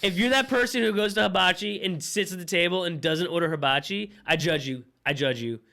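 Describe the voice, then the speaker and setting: Excitable high-voiced young man. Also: a little fast, gravelly, noisy background. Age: young adult. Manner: excited, swearing, lots of fillers. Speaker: podcast co-host. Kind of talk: casual storytelling chat.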